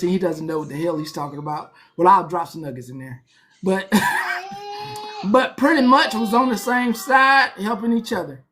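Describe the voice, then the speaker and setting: High, bright-voiced man ranting. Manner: animated, profane, preachy. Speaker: livestream host. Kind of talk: casual livestream rant.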